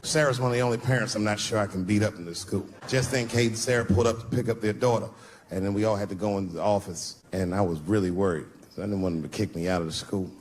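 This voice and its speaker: A man doing a stand-up comedy set on a theater stage. He tells his stories loosely and swings into shouts and acted-out voices. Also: on the low side, fairly even intonation, quick pace, slight background noise.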